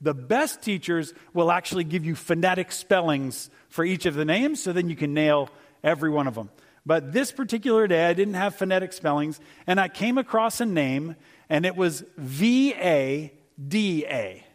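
Middle-aged man, guest pastor, relaxed storytelling sermon, voice sits on the high side. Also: moderate pace. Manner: conversational and storytelling, acts out voices for humor. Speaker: guest speaker.

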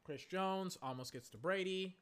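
A young podcast host speaks in a high-pitched, clean voice at normal speed. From his recliner at home, he narrates a game live in a rambling, fed-up style packed with fillers and curses.

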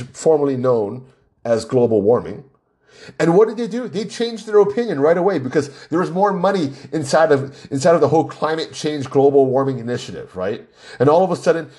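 Rambling, lively-voiced man hosting a podcast. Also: mid-range voice. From Hawaii. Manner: rambling, argumentative, rhetorical questions. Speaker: podcast host. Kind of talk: casual solo podcast monologue.

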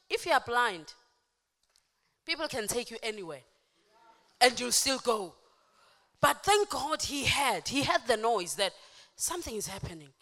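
A woman preacher giving an impassioned sermon, moving from soft speech to shouting, with call-and-response. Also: on the high side. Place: church hall. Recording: echoey church hall.

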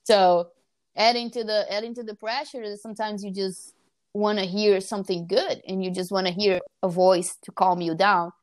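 A woman's voice: mid-range voice, steady tone, normal speed, dry recording, studio quality. A woman in her thirties in casual chat, telling stories animatedly and acting out the voices she quotes. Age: 30s.

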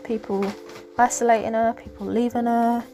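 A woman hosting a casual faith podcast, talking in a rambling, hesitant way with many pauses and fillers. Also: on the high side, little pitch movement. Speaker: podcast host. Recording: music clearly underneath.

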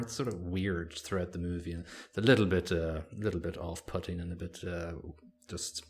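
A man's voice: deep voice, fairly even intonation, a little fast, few pauses. A man co-hosting a podcast, chatting casually about a movie and rambling with lots of fillers and restarts. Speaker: podcast co-host. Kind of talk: casual movie review chat.

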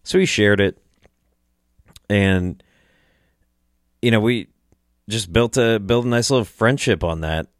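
A man's voice: on the low side, takes it slowly, long pauses, no room sound, studio quality. A man hosting a podcast, telling a story casually in a rambling, chuckling way, with restarts and swearing. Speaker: podcast host.

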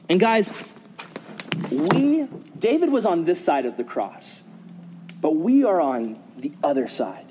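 Young man, youth pastor, earnest sermon, fairly high voice, long hall reverb. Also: very animated, takes it slowly, pauses often, mellow, slight background noise. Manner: questions the audience, earnest.

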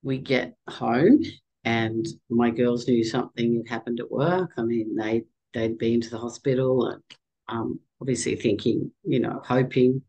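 A middle-aged woman speaks slowly as an interview guest. Her voice has a gravelly edge, and she tells her story haltingly with emotion, often restarting her sentences. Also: very deep voice, warm tone, poor audio. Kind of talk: personal storytelling in conversation.

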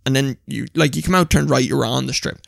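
A man's voice: medium pitch, brisk, gravelly, dry recording, studio quality. A young Irish man, co-host of a podcast, telling a story in casual chat with lots of laughing and acted-out voices. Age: young adult.

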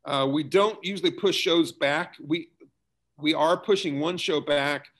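A middle-aged man, a school theater director, explaining his work in a relaxed interview, talking conversationally with fillers and restarts. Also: a little high, a little slow.

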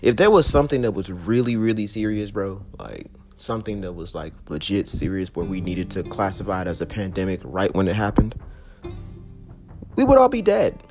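A man's voice: low voice, fairly quick, few pauses, over music. A young man hosting a casual solo podcast, slangy and laughing in fits, swinging between giggles and serious ranting. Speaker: podcast host.

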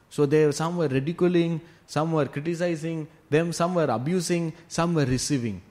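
A man's voice: a little high, moderate pace. Man telling a devotional class. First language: Tamil. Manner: animated retelling with frequent "you know" fillers. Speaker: scripture class teacher.

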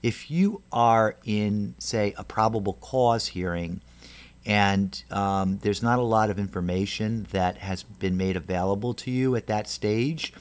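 Measured, low-voiced man giving a lecture. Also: smooth. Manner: measured, frequent ums, self-correcting restarts. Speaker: lecturer on trial advocacy. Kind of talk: recorded lecture presentation.

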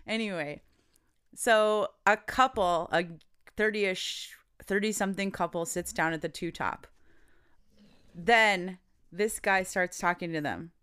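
A woman's voice: mid-range voice, takes it slowly, a bit bright, clean tone. A woman co-hosting a podcast, casually telling a story, quoting people and laughing often. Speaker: podcast co-host.

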